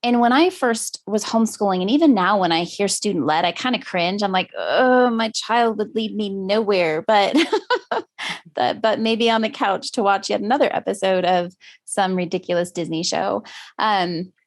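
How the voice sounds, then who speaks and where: A woman's voice: medium pitch, lively intonation, moderate pace. A woman talking casually about homeschooling her daughter, reflective and laughing often. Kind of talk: casual conversation.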